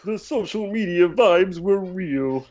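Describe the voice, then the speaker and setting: Man doing a fussy little cartoon Martian villain, pitched up, prim and menacing, on a slightly muffled track. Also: expressive, slow, darkish tone.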